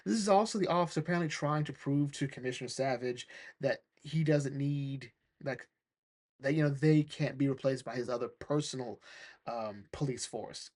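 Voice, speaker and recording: A man giving a casual recap of a comic book, animated and quick to laugh, acting out the characters' lines as he goes. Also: mid-range voice.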